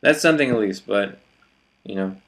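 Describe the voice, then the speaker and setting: A man talks through his thoughts in a relaxed vlog, his voice sitting a little low. He hesitates often and restarts his sentences, filling the gaps with "you know" and "let's say". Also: moderate pace. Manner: hesitant, many fillers and restarts. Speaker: vlogger. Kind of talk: reflective casual monologue.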